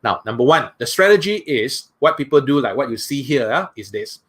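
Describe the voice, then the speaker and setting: A man's voice: medium pitch, lively intonation, brisk, fairly bright tone. A man with a Malaysian English accent giving a conversational seminar talk as a motivational speaker, often asking the audience questions.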